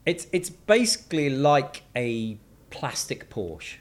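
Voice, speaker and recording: A man's voice: mid-range voice, sing-song, takes it slowly. A man co-hosting a podcast in casual chat, teasing his co-host and steering the conversation.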